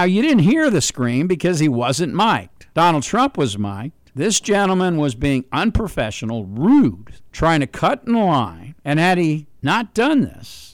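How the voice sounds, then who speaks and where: Older male host, emphatic commentary, repeats for stress; smooth, clear voice, dry studio sound. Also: fairly high pitch, no room sound. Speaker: radio show host. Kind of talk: political commentary monologue.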